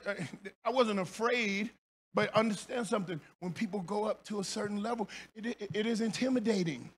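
A male pastor preaching a sermon in church, telling stories with shouts, laughter and playful asides to the congregation. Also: high-pitched.

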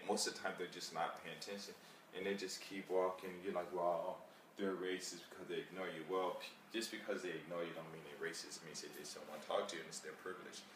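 A man talking casually in a vlog, rambling and animated, acting out chats with people he meets on the street. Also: low voice, echoey room, recorded from a distance, slight background noise. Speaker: vlogger.

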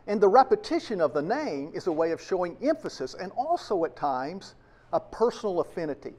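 This American pastor's voice sits high and has a sing-song lilt, brisk and a little mellow. Preaching to his congregation, he's forceful and fills the sermon with rhetorical questions.

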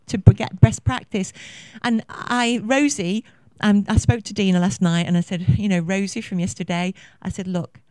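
A woman's voice: mid-range voice, a little mellow, no echo. A woman in her fifties giving a conference talk, effusive and passionate, rambling with many fillers. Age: 50s. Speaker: conference speaker. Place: conference venue.

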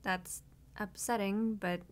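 A tough girl gone soft speaks to her partner in an audio role-play, as a young woman acts her out. Her voice sits at a middle pitch and stays earnest and emotional, on the verge of tears. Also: fairly even intonation, slow, lightly acted. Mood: tender, earnest. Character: young woman, reformed bad-girl girlfriend, tender.

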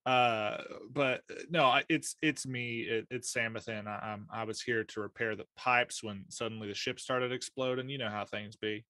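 A man's voice: mid-range voice, steady tone, normal speed, few pauses, pushed and bright, no room sound, close to an everyday voice. A man playing a stammering, bluffing ship engineer. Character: flustered male engineer talking his way out of trouble.

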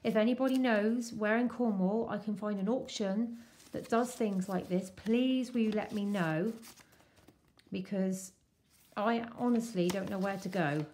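Woman vlogger gushing over vintage papers, talks slow and easy. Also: medium pitch, a little hiss or hum. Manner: gushing, excitable, slow-paced. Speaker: crafting vlogger. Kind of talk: casual unboxing chat.

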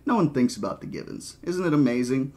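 A man's voice: medium pitch, expressive, brisk, dark tone, natural voice. A man reading the lines of a wry, opinionated male mathematician in a dry, lecturing manner.

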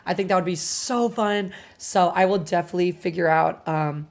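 A woman streamer chatting casually while gaming, excitable, swearing freely and gushing thanks to her viewers. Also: on the low side, moderate pace. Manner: excitable, swears a lot, gushes over viewers. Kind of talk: casual game livestream chatter.

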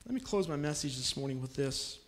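A man's voice: medium pitch, sing-song, a little fast. A man preaching a sermon in a church, telling a story earnestly and pressing his listeners with urgent appeals.

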